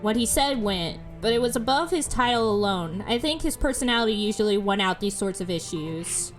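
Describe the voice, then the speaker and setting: A woman co-hosting a casual game playthrough, giggly and animated, reading the game text aloud. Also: mid-range voice, brisk. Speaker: let's play co-host. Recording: faint game music behind.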